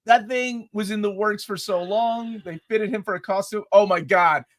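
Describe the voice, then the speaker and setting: A man co-hosting a casual movie review, excitable and laughing often. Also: sits high, moderate pace, a crowd in the background. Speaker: podcast co-host.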